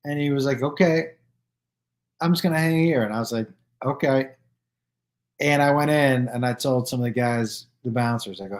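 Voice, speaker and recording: A man chats straight to his viewers, spinning stories in a loose and profane way. He acts out each person in the stories with "I go" and "he goes." His pitch sits in an everyday middle range. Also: normal speed, pauses often. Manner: animated, acts out quoted dialogue with "I go" and "he goes"; loose and profane, with restarts and fillers. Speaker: comedian hosting his own live stream. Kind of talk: casual storytelling to viewers.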